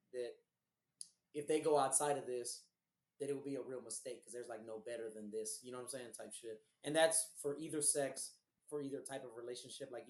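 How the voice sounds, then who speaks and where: A man from Houston with a hoarse, recovering voice, co-hosting a podcast and telling rambling, profane stories in a casual chat. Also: mid-range voice, echoey room. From Houston, Texas. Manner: profane, rambling, animated storyteller. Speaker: podcast co-host.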